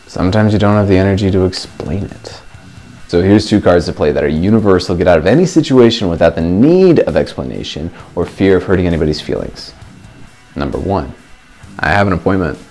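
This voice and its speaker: A young man talks through casual self-help advice in a vlog, joking and teasing himself as he goes. His voice sits low but swings widely in pitch. Faint music plays under him. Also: lively intonation, fairly quick, darkish tone. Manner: playful, jokey, self-mocking. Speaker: vlogger.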